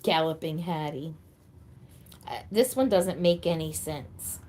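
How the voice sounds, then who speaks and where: Slow, low-voiced woman chatting to viewers. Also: dark tone, slight background noise. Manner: chatty, thinks aloud, greets viewers by name. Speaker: live-stream host. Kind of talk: casual live-stream chat with viewers. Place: seated at home in a wheelchair.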